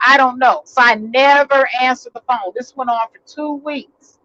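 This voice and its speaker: A woman's voice: sits high, moderate pace, sharp tone, lo-fi sound. A woman vlogger telling a personal story in a casual, rambling way, full of fillers and restarts, recorded in a vehicle.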